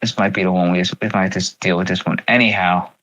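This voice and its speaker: Bright-voiced man chatting on a livestream. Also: low voice, quick pace, lo-fi sound. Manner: rambling, animated, with many fillers and repeats. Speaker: livestream host. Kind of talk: casual livestream chat.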